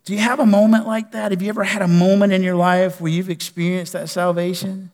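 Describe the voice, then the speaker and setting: A man preaching a sermon as pastor, moving between passionate declarations and soft, pleading prayer. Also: high-pitched, little pitch movement, fairly quick, hardly any pauses. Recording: long reverb of a church hall.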